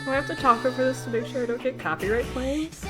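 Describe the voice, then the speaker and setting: A woman's voice: high-pitched, fast talker. A young adult woman casually commenting on a story game as she streams, reacting dramatically and swearing now and then. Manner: dramatic, swears, loud outbursts and laughs. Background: game music.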